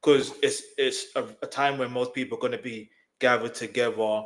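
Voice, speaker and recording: A man's voice: medium pitch, steady tone, normal speed, fairly bright tone. Man insisting on his point. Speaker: co-host of a reaction show. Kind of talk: casual chat.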